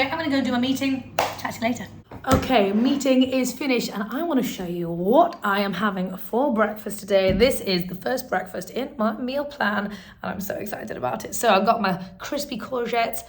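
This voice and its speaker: A woman, chatting enthusiastically in a casual food vlog from her home kitchen, sometimes talking while she eats. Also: fairly high pitch. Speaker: vlogger.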